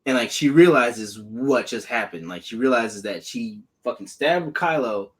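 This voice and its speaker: A man's voice: mid-range voice, unhurried, low-quality recording. A man co-hosting a casual podcast, retelling a film with lots of swearing and acted-out quotes. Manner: profane, animated retelling with quoted voices. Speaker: podcast co-host.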